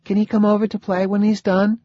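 A man's voice: sits high, completely flat delivery, brisk, no echo, dull audio, voice pushed up. A man voicing a shy, curious little girl who speaks in a small, uncertain voice. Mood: timid, curious. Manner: small, uncertain, childlike questions.

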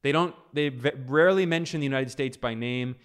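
A man's voice: mid-range voice, a little fast, smooth. A man hosting a political commentary video, reading out a speech and explaining it, emphatic and repeating key phrases for stress.

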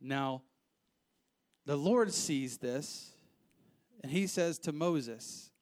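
Man, preacher, sermon, reads verses aloud, animated, emphatic, slightly high voice. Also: extremely slow, pauses often. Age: adult, married with children. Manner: animated, rising to emphatic outbursts, acts out voices. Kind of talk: sermon, reading scripture and commenting.

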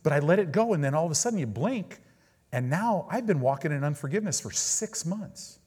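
A man's voice: fairly high pitch, big pitch swings, moderate pace, a little mellow, slightly rough. A man preaching a sermon in a conversational style, with sudden emphatic peaks and prayers spoken aloud.

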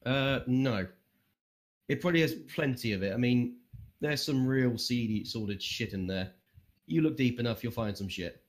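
A man's voice: mid-range voice, normal speed. Field: casual podcast guest. Sex: man. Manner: rambling, sweary. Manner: rambling, swears freely, self-deprecating jokes. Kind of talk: casual interview chat.

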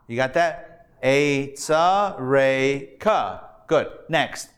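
A man, a rabbi, teaching a live Hebrew reading class, sounding out syllables slowly and patiently checking that his students follow. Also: medium pitch, expressive, fairly bright tone, smooth. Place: classroom before a live audience.

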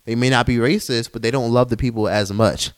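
A man's voice: medium pitch, fairly even intonation, brisk. A young man hosting a solo podcast, heated and profane, mocking others in put-on voices. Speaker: podcast host.

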